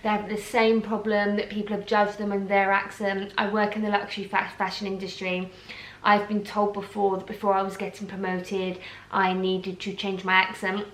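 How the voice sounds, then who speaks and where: Young Essex-accented woman, heated vlog rant with broken restarts, mid pitch, roomy echo. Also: level tone, normal speed. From England, Essex. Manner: heated, talks in bursts with restarts. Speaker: vlogger. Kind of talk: casual rant to camera.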